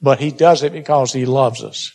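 A man's voice: medium pitch, normal speed, a little mellow. A man preaching a sermon, urging his listeners and calling them beloved, with scripture read aloud in King James wording. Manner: exhorting, addresses listeners as beloved.

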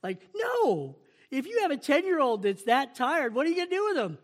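A man preaching a sermon in a notably high voice. He keeps it conversational, asking the congregation question after question and acting out their protests before answering them. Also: huge pitch swings, a little fast. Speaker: pastor.

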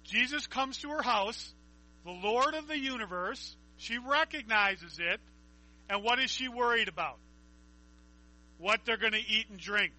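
A man's voice: sits high, animated, measured pace, pushed and bright, low-quality recording. A man preaching a conversational Bible teaching, reading scripture aloud and asking his listeners questions.

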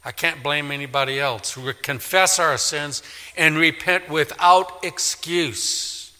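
Brief: man, pastor mid-sermon, piercing bright tone, slightly high pitch, emphatic with big swings from loud to hushed. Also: slow pace. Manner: emphatic, swings from loud declaring to quiet pleading. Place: church sanctuary. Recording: long reverb of a large hall.

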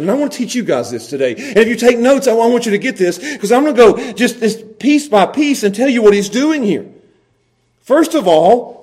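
A man's voice: extremely high pitch, darkish tone. A pastor delivering an emphatic sermon in a church, chuckling often and repeating words as he builds his points.

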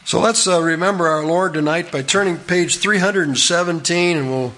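A man's voice: a little high, moderate pace, a bit bright. A middle-aged man preaching a sermon in a folksy, earnest way, often asking the listeners questions.

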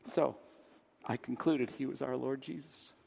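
A man preaching a sermon with emphatic delivery, rising to loud declamation and dropping low again. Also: fairly even intonation, a little slow, gravelly, slightly rough. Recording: long reverb of a large hall.

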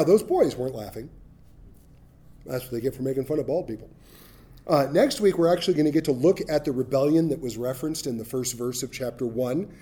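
A man's voice: mid-range voice, mellow. A middle-aged man preaching a sermon, telling a Bible story with humor and acting out voices. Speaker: pastor.

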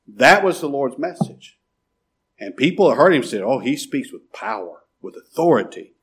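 A male pastor in the middle of a sermon, his voice slightly husky. His pitch rises and falls in wide, lively sweeps. He drives points home with rhetorical questions and sudden quiet murmurs. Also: normal speed.

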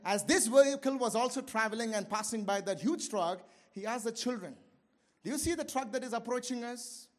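A man preaching with a strikingly high voice. He moves between fervent, raised passages and quiet, low asides. He laughs now and then as he drives his points home. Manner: impassioned, swings between shouting and low asides, laughs often. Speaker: pastor. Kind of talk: sermon.

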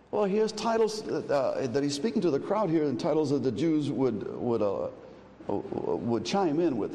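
A man preaching in a church, his mellow, relaxed voice carried by a long hall reverb over a faint background hum. He often restarts his phrases, then builds up to emphatic, ringing declarations. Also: mid-range voice. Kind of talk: expository sermon.

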